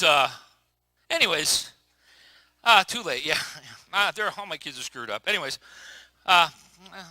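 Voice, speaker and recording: Middle-aged man, pastor, slightly high voice, dry room; loose joking sermon, murmurs then shouts. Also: no room sound. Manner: casual, joking preacher who swings from low murmurs to loud outbursts.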